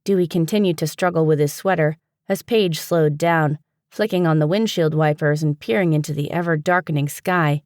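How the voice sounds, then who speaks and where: A woman narrating a fantasy audiobook in a steady, even storytelling manner, recorded on a close studio mic. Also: low voice, normal speed, no echo. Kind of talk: scripted narration.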